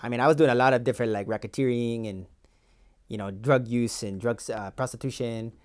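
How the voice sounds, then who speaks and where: In an improvised sketch, this podcast co-host in his twenties plays a boastful, defensive young Mexican-American immigration agent, talking in a rambling, slangy LA valley accent. He sounds brisk and medium-pitched with a darkish tone, near his everyday voice.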